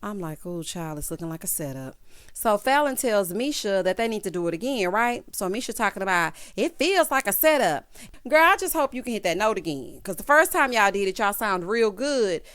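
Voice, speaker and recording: A woman recapping a reality show in casual commentary, sassy and animated, calling her viewers "honey" and "child" and acting out quotes in a mocking voice. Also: medium pitch, fairly quick, smooth.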